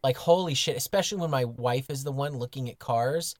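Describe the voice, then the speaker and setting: A man's voice: mid-range voice, fairly quick, dry recording, studio quality. Candid, self-mocking American man. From United States. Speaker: podcast co-host. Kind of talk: casual chat.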